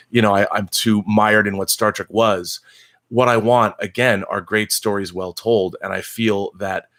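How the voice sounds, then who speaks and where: A middle-aged man with a slightly low voice hosts a casual live chat and answers viewers' questions. He talks in an animated, emphatic way, with strong opinions and quick restarts mid-sentence.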